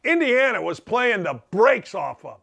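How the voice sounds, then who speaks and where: A man with a high voice hosts a sports talk show from his home basement, ranting about games in a jokey, theatrical way. He leans hard on words for emphasis and plays up his bets. He sounds middle-aged and at ease behind the mic. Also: big pitch swings, moderate pace, vocal fry, sharp tone. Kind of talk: animated sports talk monologue.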